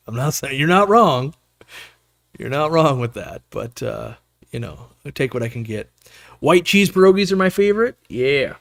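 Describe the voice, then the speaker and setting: A man's voice: medium pitch, sing-song, moderate pace, creaky, dry recording, studio quality. A man hosting a casual live stream, chatting loosely and answering the chat with fillers and slang. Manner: rambling, upbeat, lots of fillers and slang.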